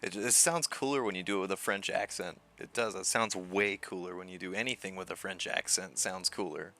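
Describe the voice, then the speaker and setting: A man's voice: low-pitched, brisk, bright, forceful tone. A man streaming live, chatting casually with his viewers, chuckling often and repeating words as he answers them.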